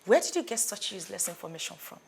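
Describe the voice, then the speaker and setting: A woman's voice: mid-range voice, very animated, fast talker, creaky. An actress with a Nigerian accent playing an obsessed young woman who answers back sharply. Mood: defiant. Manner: defiant and sharp.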